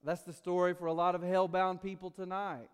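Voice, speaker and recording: A man preaching a sermon as pastor, swinging between loud urgency and quiet asides. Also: sits high, flat delivery, brisk, clear, resonant tone, big-room sound.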